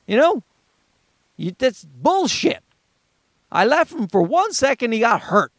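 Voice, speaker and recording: A man's voice: very high-pitched, big pitch swings, measured pace, a bit bright, dry recording, studio quality. A father ranting heatedly and profanely about other parents' advice, talking from inside his car. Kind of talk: ranting monologue.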